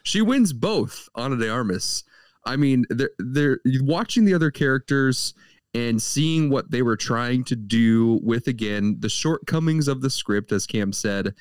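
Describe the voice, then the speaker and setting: A man's voice: medium pitch, clear, resonant tone, dry recording. A man co-hosting a casual movie review podcast, talking in an easygoing, somewhat hesitant way. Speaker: podcast co-host.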